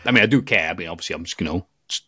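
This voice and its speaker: A man's voice: sits low, racing, breathy edge, no echo, clean studio sound. A man telling stories in a casual podcast chat, acting out quotes with bursts of laughter. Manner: animated storytelling with voiced quotes and laughs. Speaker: podcast guest, video maker.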